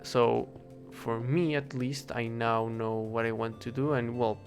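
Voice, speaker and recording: Young man, mid-pitched, rambling chat over a game with faint music under it, stops and restarts a lot. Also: little pitch movement, unhurried. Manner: rambling, hesitant, self-correcting, swears casually. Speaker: English teacher. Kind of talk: casual rambling talk while gaming.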